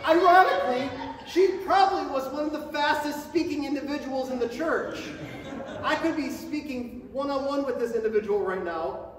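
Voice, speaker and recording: Preaching to the congregation in a cavernous sanctuary, a very high-voiced pastor starts at a moderate pace, then speeds up and climbs higher as passion takes hold. The distant recording carries long reverb, a faint hum and a crowd in the background.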